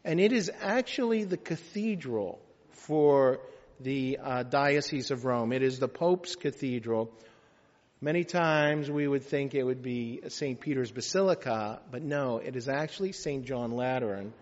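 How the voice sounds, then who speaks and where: A man, a priest, reading scripture and preaching in a measured, solemn manner. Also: mid-range voice. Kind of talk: liturgical reading and homily. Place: church. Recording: echoey church, slightly dull sound.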